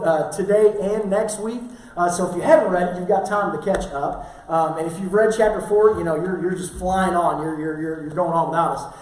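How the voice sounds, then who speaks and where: A male pastor preaching a sermon, telling stories casually with many fillers. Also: high voice. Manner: casual storytelling with frequent fillers. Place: church sanctuary. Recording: very echoey church hall from far off.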